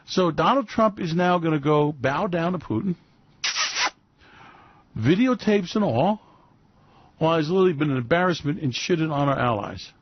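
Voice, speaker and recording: A man's voice: fairly high pitch, dry recording. A man hosting a radio commentary monologue, rambling and sarcastic. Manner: rambling, sarcastic, fillers and restarts. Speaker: host. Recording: dull lo-fi dry recording.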